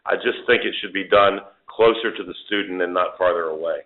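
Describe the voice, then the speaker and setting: A man's voice: deep voice, fairly quick. A man hosting a telephone town hall as a congressman, answering callers with policy points and frequent restarts. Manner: policy-heavy, many restarts and stressed points. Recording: phone line.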